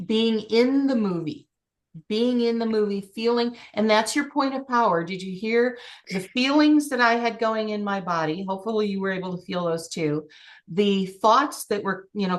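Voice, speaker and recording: Energetic woman coaching with vivid enthusiasm. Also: medium pitch, moderate pace. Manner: animated, acts out scenes with vivid excitement. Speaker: life coach. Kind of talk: coaching session with a client.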